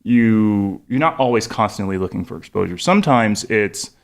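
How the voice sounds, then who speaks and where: A young man with a gravelly, slightly low voice talks into a close studio microphone at a college radio station. He rambles loosely and leans heavily on filler words. He has a cough drop in his mouth the whole time. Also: expressive, moderate pace. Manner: rambling, heavy "like" fillers, laughs often. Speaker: musician guest. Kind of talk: casual radio interview.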